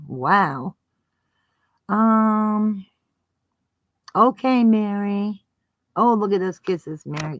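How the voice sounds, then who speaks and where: A woman chats on a casual live stream, calling out viewers and answering them with giggles and affection. She speaks slowly and easily. The recording is dry and a little dull and lo-fi. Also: fairly low pitch, dry recording.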